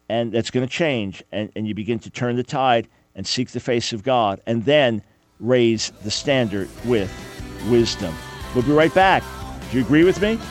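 A man hosting a radio talk show, preaching fervently and emphatically, often repeating his phrases. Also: mid-range voice.

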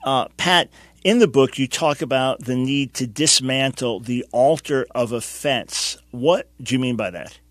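A man's voice: mid-range voice, unhurried, no room sound. A man hosting a radio talk show, interviewing a guest and encouraging listeners directly.

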